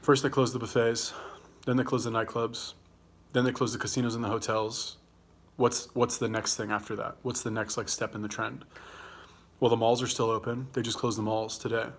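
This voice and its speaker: A young man with an easygoing Los Angeles accent talks in a loose, meandering way to his livestream audience. His voice sits at an ordinary middle pitch. He swears casually, fields viewer questions, and keeps talking while he eats. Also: flat delivery, moderate pace, pauses often, fairly bright tone. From California. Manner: rambling, profane, chatty, answers viewer comments. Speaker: livestream host.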